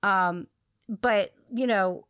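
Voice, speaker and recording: A woman hosting a podcast, telling a long story in a rambling way, with many fillers and restarts, laughing at her own dark humor. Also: medium pitch, extremely slow, clear, resonant tone, no room sound, clean studio sound. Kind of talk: casual conversational storytelling.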